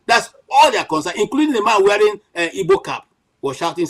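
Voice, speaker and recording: Impassioned Nigerian man, high and lively. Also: fast, rough recording. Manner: emphatic, many restarts and "you know" fillers. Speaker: panel commentator. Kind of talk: impassioned political commentary.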